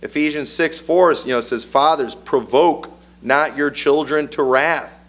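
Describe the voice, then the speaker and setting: A man's voice: a little high, unhurried, rough recording. A middle-aged man, preaching a sermon in a folksy, conversational way and reading scripture aloud. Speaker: pastor.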